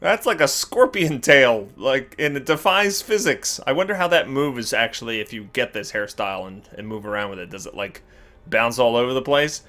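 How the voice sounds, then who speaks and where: A man hosting a casual gaming video, reacting with animated exclamations and laughter. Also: medium pitch, moderate pace. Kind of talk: casual game commentary.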